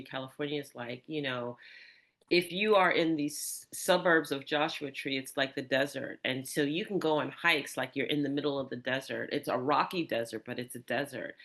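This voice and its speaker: Podcast host, chatty animated storyteller, middle pitch. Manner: animated storyteller, many restarts and asides. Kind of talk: storytelling in casual conversation.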